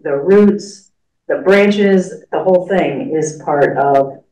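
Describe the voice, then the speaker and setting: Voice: mid-range voice, a little mellow. A class leader teaching a church study class, talking in a conversational, rambling way with fillers. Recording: echoey room, far from mic.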